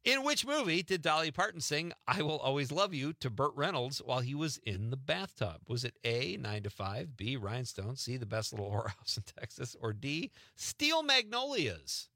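Male radio host, bright tone, animated pitch, joking, quiz reading. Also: a little fast, creaky, hardly any pauses, no echo, clean studio sound. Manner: joking, laughs often, reads quiz questions. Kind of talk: casual radio chat and quiz.

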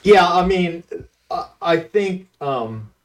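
A man's voice: high voice, expressive, slow. Distant, hesitant male radio guest. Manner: distracted, hesitant, lots of ums. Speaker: political consultant guest. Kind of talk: casual political radio chat.

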